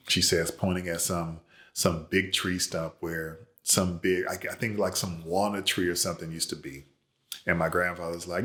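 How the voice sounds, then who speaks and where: Deep-voiced man telling a family story. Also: normal speed. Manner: conversational, relaxed, with fillers. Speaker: author. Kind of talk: casual personal storytelling.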